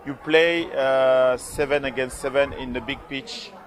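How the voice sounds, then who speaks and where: A man speaking English with a French accent, his voice hoarse, answering questions in a live interview with many pauses, fillers and restarts. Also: medium pitch, fairly even intonation. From France. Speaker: interviewee, former rugby player. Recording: loud crowd behind, outdoor event.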